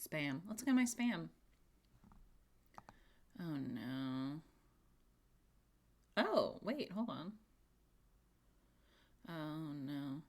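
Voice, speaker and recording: A young woman streamer chats casually, giggling and talking to herself as she reads things out. Her deep voice is very animated yet extremely slow, with frequent pauses.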